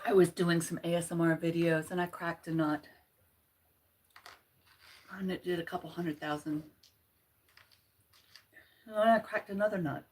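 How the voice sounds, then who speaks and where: A woman's voice: on the low side, steady tone, normal speed, long pauses, darkish tone, a little hiss or hum. A woman hosting a casual livestream, chatting playfully and laughing at her own jokes. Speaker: channel host.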